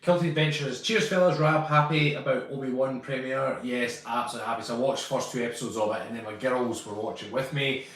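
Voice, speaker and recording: A man co-hosting a casual live stream, chatting in a relaxed way with joking asides. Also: medium pitch, quick pace, few pauses, very echoey, distant mic, rough recording.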